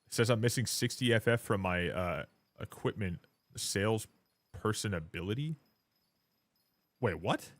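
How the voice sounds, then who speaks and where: A man streaming a game live, chatting casually and rambling, swearing often and getting loud and hyped when thanking viewers. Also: lowish voice, expressive, a little slow, long pauses. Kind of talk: casual live-stream chat while gaming.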